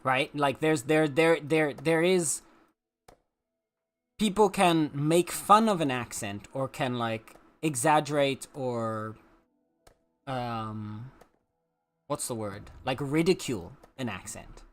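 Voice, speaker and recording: A man's voice: mid-range voice, slow, faint music behind. A man with a South African accent chatting casually as a streamer while he plays, rambling through his points with lots of filler words and restarts. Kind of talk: casual opinion chat while gaming.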